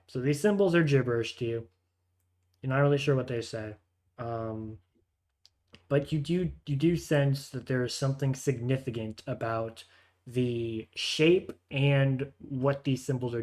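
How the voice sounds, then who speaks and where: A man's voice: mid-range voice, measured pace, a little mellow. A man narrating a tabletop game as game master, hesitant, with frequent fillers and restarts.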